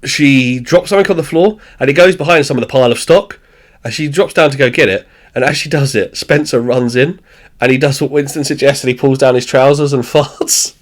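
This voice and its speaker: A man hosting a podcast, recapping a sitcom in animated storytelling, swearing freely, laughing often and acting out the characters. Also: mid-range voice, brisk. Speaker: podcast host. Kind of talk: casual chat recapping a show.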